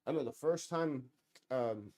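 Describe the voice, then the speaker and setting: Male streamer, thirties, casual rambler, salty language, close dry sound, mid-range pitch. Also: moderate pace, darkish tone, no echo. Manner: loose, profane, full of restarts and fillers. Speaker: live stream host.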